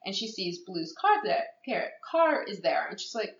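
A woman's voice: normal speed, gravelly. A woman chatting casually as a podcast co-host, retelling a story and jumping into the characters' lines. She sits in an echoey room, and the recording sounds a bit dull and lo-fi. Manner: animated storyteller who acts out quotes in a higher voice. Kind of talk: casual chat recapping a TV movie.

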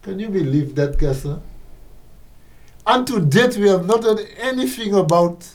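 A man's voice: high voice, lively intonation, measured pace, poor audio. A man co-hosting a casual talk show, giving earnest, emphatic commentary. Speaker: co-host.

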